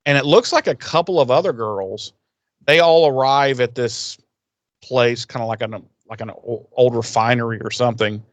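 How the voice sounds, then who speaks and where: A man at middle pitch talks straight into a close mic in a dry, deadened room. He recaps a TV episode loosely, swears freely and drops into quick voiced impressions of the characters. His delivery is animated and rambling. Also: no echo. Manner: profane, animated retelling with voiced quotes. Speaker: podcast co-host.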